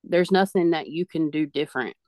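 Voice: medium pitch, fairly quick, darkish tone, dry recording. Reassuring podcast host in their thirties. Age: 30s. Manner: reassuring, passes on messages from spirit. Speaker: podcast host and spiritual medium. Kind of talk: conversational podcast talk.

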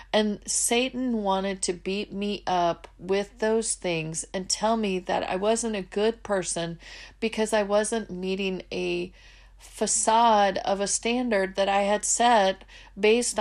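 Woman host telling a faith story. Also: mid-range voice. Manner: storytelling, acts out quoted voices. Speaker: podcast host. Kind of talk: faith-based casual talk.

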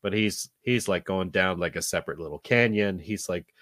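A low-pitched man chatting casually on a podcast, meandering through his thoughts with lots of "you know" and restarts. His voice is recorded close and dry, with no room sound. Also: moderate pace, fairly bright tone, no echo. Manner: rambling, many fillers and restarts. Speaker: podcast co-host. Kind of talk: casual movie discussion.

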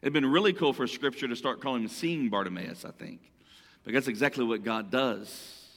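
A man's voice: mid-range voice, brisk, fairly bright tone, in a large hall. A man preaching a sermon in a conversational way, often repeating and restarting phrases. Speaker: pastor.

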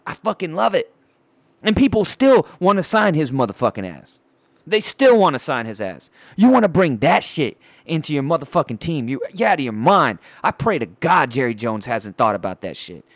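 A man hosting a podcast, ranting about sports in a loud, crude, rambling way and mocking the players he talks about. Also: fairly high pitch, no echo. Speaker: podcast host. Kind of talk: profane sports rant.

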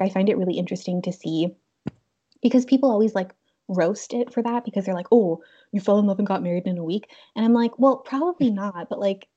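A woman's voice: medium pitch, dark tone, slightly rough. A young woman co-hosting a podcast in casual chat, giggly and full of "like" fillers. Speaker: podcast co-host. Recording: dull lo-fi sound.

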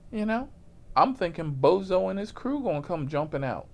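Animated, swearing storyteller man. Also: high voice, moderate pace, creaky. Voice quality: profane, animated, laughs at himself. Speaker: rideshare driver telling a story. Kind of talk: casual comic storytelling.

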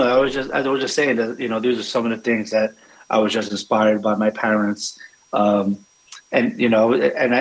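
A man's voice: lowish voice, slightly rough, low-quality recording. A middle-aged man, a restaurant owner, telling family stories in an interview, rambling with frequent restarts. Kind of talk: conversational interview storytelling.

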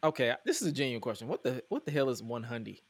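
A man hosting a podcast, recapping wrestling in casual chat, animated and incredulous as he quotes promos aloud. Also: mid-range voice, quick pace, slightly rough, dry recording. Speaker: podcast host.

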